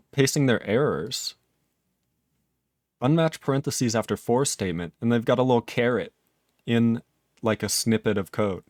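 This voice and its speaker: A man's voice: mid-range voice, a little mellow, no echo, studio quality. A man live-streaming his programming work, thinking aloud in casual talk, chuckling often and chatting with his viewers.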